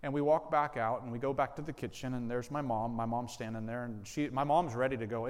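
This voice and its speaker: Male pastor, average pitch, earnest story-driven sermon delivery, repeats points for weight; long hall reverb. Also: fairly even intonation, quick pace, hardly any pauses, smooth. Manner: storytelling, earnest, repeats key lines for emphasis.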